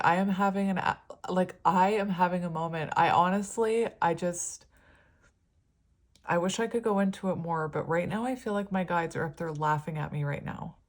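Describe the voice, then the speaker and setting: Lady doing a chatty tarot reading, kinda low voice, lots of ums, rambly. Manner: rambling, filler-heavy, easily moved. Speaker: tarot reader. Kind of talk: casual tarot reading chat.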